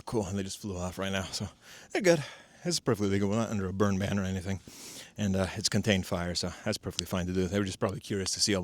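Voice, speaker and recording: A man with a lowish voice talks loosely and swears freely while he works a fire outdoors, explaining each step as he goes. He pokes fun at himself and sounds a little stuffy from a cold. The camera mic picks up faint background noise. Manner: chatty, profane, self-mocking, explains as he works. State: has a cold. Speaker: DIY homestead vlogger. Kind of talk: casual outdoor tutorial vlog. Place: outdoors at a fire pit in a valley.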